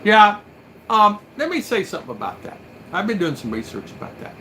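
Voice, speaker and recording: Middle-aged male livestream host, emphatic and questioning, higher-pitched, faint background hum. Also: wildly swooping pitch, brisk, pushed and bright, poor audio. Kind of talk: casual livestream chat.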